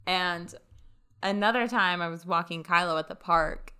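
Woman, casual podcast storytelling, bright tone, smooth voice, chatty. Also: lowish voice, normal speed. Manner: chatty, animated retelling with quoted dialogue. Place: lives in Las Vegas.

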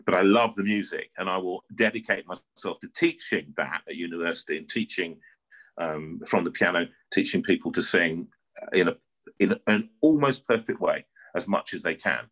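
A middle-aged man with a North London accent talks in a lowish, bright and forceful voice. He chats casually as an interview guest and tells animated stories, doubling back on his words as he goes. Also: moderate pace, poor audio. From North London, England. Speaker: opera singer, guest.

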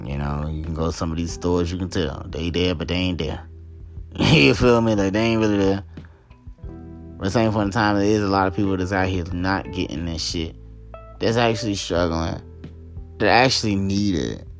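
Deep-voiced man ranting with profanity. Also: normal speed, soft background music. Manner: heated, profane and emphatic, repeating points. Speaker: podcast host. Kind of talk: solo commentary rant.

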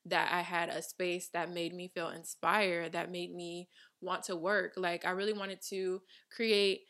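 A woman's voice: lowish voice, flat delivery, measured pace, fairly bright tone. A woman in her twenties hosting a podcast from her home studio, talking casually and emphatically, often laughing. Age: 20s. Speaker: podcast host. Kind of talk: casual chat.

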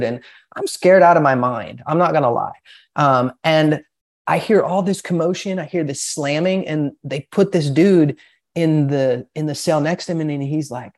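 A man's voice: fairly high pitch, a little mellow. A young man telling a long personal story in a casual podcast chat, rambling and profane, with lots of filler words. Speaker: podcast guest.

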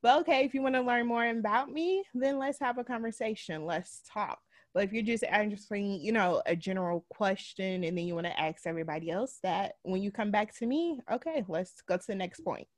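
A woman's voice: medium pitch, fairly quick, hardly any pauses, no echo, clean studio sound. Direct-spoken woman on a podcast. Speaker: podcast host. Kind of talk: casual podcast chat.

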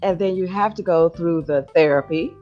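A woman hosting a podcast, chatting casually and encouraging her guest, often pausing to search for words. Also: lowish voice. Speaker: podcast host. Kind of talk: casual chat. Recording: dull lo-fi sound with faint music.

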